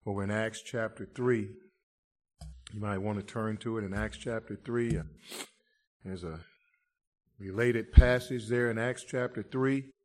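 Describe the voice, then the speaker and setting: Slow-talking preacher guy, goes from murmur to shouting, keeps saying huh? and friend. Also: steady tone. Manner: impassioned, swings from low murmurs to loud shouts; rhetorical "huh?" asides, addresses listeners as "friend". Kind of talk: sermon.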